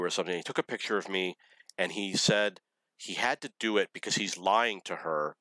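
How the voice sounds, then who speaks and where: A man's voice: sits low, normal speed, pushed and bright, no room sound, low-quality recording. A man casually telling dating stories in a rambling, self-correcting, wry way. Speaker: storyteller.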